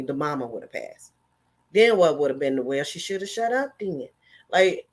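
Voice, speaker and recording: A woman ranting her opinions in a casual vlog, blunt and heated, with mocking voices that jump up high. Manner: swings in pitch and volume, mocking voices. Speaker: commentary vlogger.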